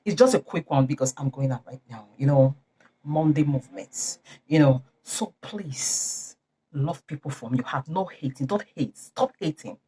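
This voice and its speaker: A woman's voice: a bass voice, lively intonation, moderate pace, dark tone, slight background noise. A woman preaching informally to her channel's viewers, repeating and stressing her points. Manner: repetitive, exhorting, emphatic. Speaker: YouTube channel host.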